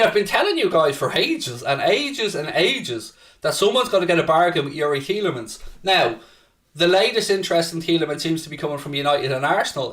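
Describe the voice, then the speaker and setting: A man's voice: fairly high pitch, fairly bright tone. Guy hosting a footy watchalong stream, talky, reads out chat msgs, bit far from the mic. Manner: chatty, reads viewer messages aloud, swears when worked up. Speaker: host of a live football watchalong. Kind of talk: casual live-stream chat.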